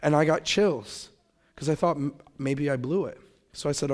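A man's voice: fairly high pitch, moderate pace. Man telling his conversion story. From Grand Rapids, Michigan. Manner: conversational, animated retelling with quoted inner thoughts. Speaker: testimony speaker. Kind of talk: personal testimony storytelling.

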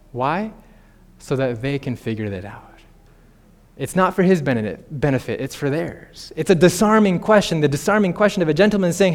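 High-voiced animated male preacher. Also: fairly quick. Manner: animated, playful asides with laughter. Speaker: pastor. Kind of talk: sermon.

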